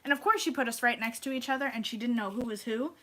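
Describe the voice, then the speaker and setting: A woman's voice: a little high, quick pace, low-quality recording. A young woman telling stories and joking while crafting with her mother. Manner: animated storyteller, giggly. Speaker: co-host, daughter. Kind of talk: casual chat while crafting.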